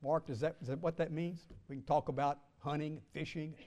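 Brief: high-pitched male pastor, sermon delivery, stretches key words, pauses for the congregation to fill in answers. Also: steady tone, a little mellow. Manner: calls out questions for the congregation to answer; draws out key words slowly for emphasis.

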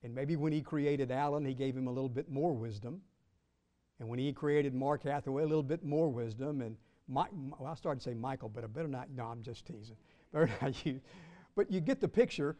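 A man with a medium-pitched voice preaches a sermon, drawing out his stresses emphatically. He swings between loud bursts and soft asides, teasing his listeners from time to time.

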